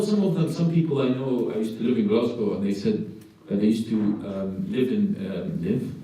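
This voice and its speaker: A man's voice: mid-range voice, a little mellow. A man gives a religious lecture, asking rhetorical questions and acting out voices. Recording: echoey hall from far off.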